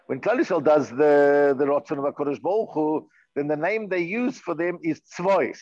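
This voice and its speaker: A man teaching a Torah class online, explaining texts and chanting Hebrew verses slowly with Yiddish terms. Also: on the high side, big pitch swings, darkish tone, no room sound, lo-fi sound. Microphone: computer mic, online class.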